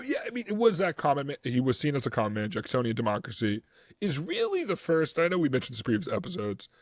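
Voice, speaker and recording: Animated man on a history podcast. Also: mid-range voice, no echo, studio quality. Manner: animated, rambling with fillers and laughs. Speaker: podcast co-host. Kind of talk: casual history podcast chat.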